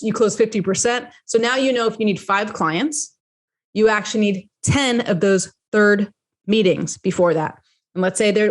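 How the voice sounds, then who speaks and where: A woman hosting her own podcast, coaching listeners in a chatty, animated way and slipping into lively voices when she quotes people. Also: medium pitch. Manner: repeats and restarts phrases while explaining. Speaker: podcast host and business coach. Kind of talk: solo podcast teaching.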